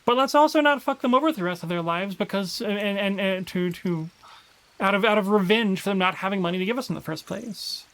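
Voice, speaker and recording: A man's voice: sits high, fairly quick, fairly bright tone, poor audio. A man streaming a survival game live, chatting casually and reading in-game journal entries aloud with dramatic flair.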